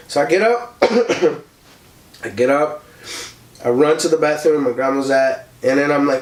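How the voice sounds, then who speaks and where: A man's voice: on the high side, moderate pace, recorded from a distance. A young man hosting a casual podcast, telling a story with lots of likes and ums and acting out the people in it. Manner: animated, acts out voices in his story, many likes and ums. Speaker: podcast host. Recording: echoey room.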